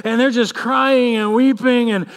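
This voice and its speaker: A man in his thirties, a pastor, praying and then preaching with a lively personal story. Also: very high voice, measured pace. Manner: animated storytelling, acts out kids' voices. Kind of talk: sermon with prayer and personal story.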